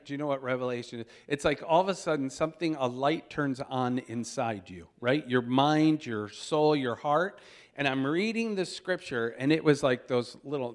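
A man preaching a storytelling sermon, animated and chuckling, who breaks into loud exclamations when he acts out moments. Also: medium pitch. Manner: animated, shouts out quoted exclamations; chuckles while telling stories.

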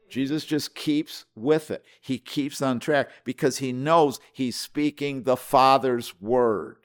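A man preaches with emphatic force, drawing out key words and then dropping suddenly to a hush. He restarts and repeats phrases as he builds each point. His pitch sits in an ordinary middle range for a man. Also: slow pace, few pauses. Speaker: pastor. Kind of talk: sermon.

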